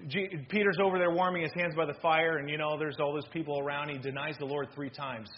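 A man preaching an animated sermon as pastor, swinging between loud and hushed delivery. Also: on the high side, fast talker, lo-fi sound.

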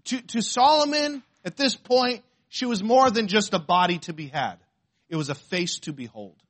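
A man preaching a sermon to a congregation, reading scripture aloud slowly and asking the listeners questions. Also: high voice, animated, a bit bright. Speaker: pastor.

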